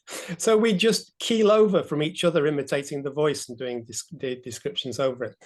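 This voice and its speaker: Over a video call, a high-voiced man leads a group talk at a fairly quick clip. He's chatty and meanders a bit, laughing lightly and easily.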